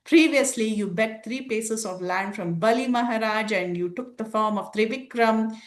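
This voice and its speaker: A woman teaching a scripture class, retelling the story in a lively way and laughing often. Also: a little high, normal speed, roomy sound. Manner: animated storytelling with frequent laughs.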